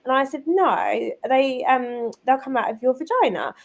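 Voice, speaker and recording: A British woman in her thirties with a somewhat high voice talks in a relaxed, conversational way. She tells stories quickly and animatedly, filling pauses with "like" and "um". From United Kingdom. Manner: lively, chatty, many fillers like "like" and "um". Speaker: guest, business owner and mother. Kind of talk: casual conversational storytelling.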